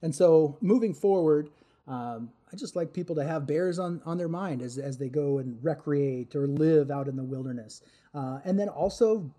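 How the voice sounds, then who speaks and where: A man from Alaska talks as a podcast guest in a warm, mellow voice that sits a little high. He speaks earnestly, pausing and restarting as he thinks. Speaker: guest wildlife expert. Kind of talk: casual interview talk.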